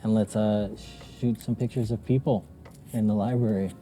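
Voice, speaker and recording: A young man mentoring a beginner in a casual teaching vlog, emphatic and animated, laughing often. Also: on the low side, normal speed, faint music behind.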